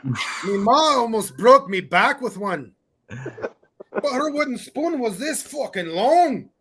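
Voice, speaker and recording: A man's voice: very high voice, sing-song, sharp tone, slight background noise, pitched above the performer's own voice, heavily acted. A man putting on a mock Scottish brogue for a joke during a livestream chat. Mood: joking. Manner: joking, slowed-down put-on accent.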